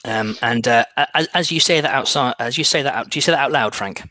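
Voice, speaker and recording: A man's voice: medium pitch, fast, sharp tone, dry recording. A man narrating as game master of a tabletop game, speaking casually with many fillers, restarts and repeated words.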